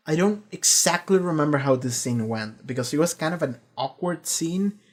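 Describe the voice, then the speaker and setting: A man giving a casual, rambling review of a TV season, swearing freely and retelling scenes with quick quoted lines. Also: a little high, animated. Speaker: show reviewer.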